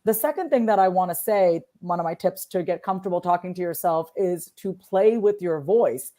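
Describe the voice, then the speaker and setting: A woman's voice: lowish voice, normal speed. A woman from Long Island, New York, talking as a guest in a casual interview and acting out sample tones of voice as she explains. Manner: expressive, acts out sample voices in different tones. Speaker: author and guest.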